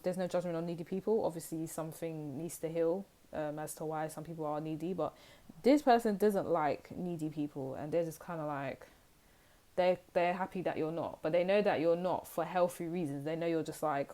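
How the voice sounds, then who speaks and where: A woman's voice: on the low side, a little fast, warm tone. Chatty young woman reading tarot. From United Kingdom. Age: young adult. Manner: chatty, rambling, acts out little scenes. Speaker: tarot reader. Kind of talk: casual pick-a-card tarot reading.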